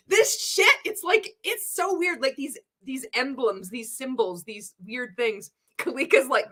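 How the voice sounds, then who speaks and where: Bright-voiced woman cursing through a livestream. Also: fairly high pitch, expressive, a little slow. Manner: profane, laughing often, candid; reads viewer chat aloud. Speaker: livestream host reacting to a show. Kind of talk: casual reaction livestream.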